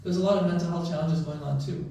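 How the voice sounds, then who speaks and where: A man's voice: a little high, steady tone, fast, creaky, mellow. A man who is a physician, giving a conversational talk to a mosque audience and often checking in with "right?" and "you know". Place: large mosque prayer hall. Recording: echoey hall, voice from far off.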